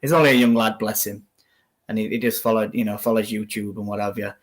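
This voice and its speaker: A man's voice: on the low side, steady tone, fast. Man calling match play. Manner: conversational, calls the live play as it happens. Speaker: watch-along co-host. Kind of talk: casual football chat and live match commentary.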